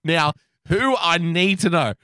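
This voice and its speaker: A man's voice: on the high side, expressive, a little slow, pushed and bright, clear, resonant tone, dry recording, clean studio sound. A man co-hosting a podcast, riffing sarcastically in a mock-grand tone. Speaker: podcast co-host. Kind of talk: casual chat.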